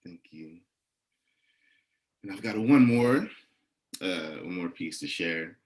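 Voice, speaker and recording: A young man with an African American English accent, talking softly with many pauses between poems, then performing spoken word poetry in a rhythmic, rising, incantatory delivery. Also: low voice, expressive. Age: young adult. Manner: soft, halting talk between poems with many fillers.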